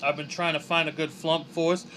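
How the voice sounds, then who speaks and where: A man's voice: fairly high pitch, level tone, moderate pace, sharp tone, a little hiss or hum. Chatty man streaming while he draws. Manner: chatty, jokey, reads chat aloud. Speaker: streaming artist. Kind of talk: casual livestream chat while drawing.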